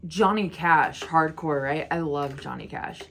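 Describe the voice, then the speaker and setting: Brief: young woman vlogger, slightly low voice, giggly and teary, loud music behind. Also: unhurried, gravelly. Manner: chatty, giggly, gets teary. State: tearful. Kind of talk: casual album reaction. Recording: music playing loudly behind.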